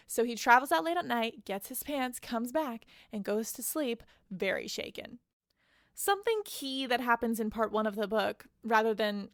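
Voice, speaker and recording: Woman podcaster, kinda high voice, dry close mic, casual recap w/ little asides. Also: a bit bright, dry recording. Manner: chatty, quick retelling with personal asides. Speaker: podcast host.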